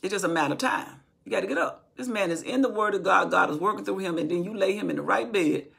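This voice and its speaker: A woman's voice: mid-range voice, fast talker, vocal fry, a bit bright, husky. A woman telling a Bible story from memory in an informal teaching style, acting out what the people in it say. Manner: retells from memory, acting out quoted speech.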